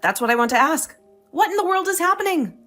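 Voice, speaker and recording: A woman playing a defiant sarcastic wife, high voice, very lively pitch, faint music behind. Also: fast talker. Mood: indignant, defiant. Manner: indignant, sarcastic. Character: defiant young wife, sharp-tongued, standing her ground. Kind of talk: dramatized story dialogue.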